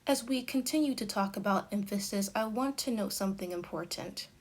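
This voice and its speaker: A woman teaching an English grammar lesson, speaking in a careful, deliberate way and reading out example sentences. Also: mid-range voice. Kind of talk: slow explanatory grammar lesson.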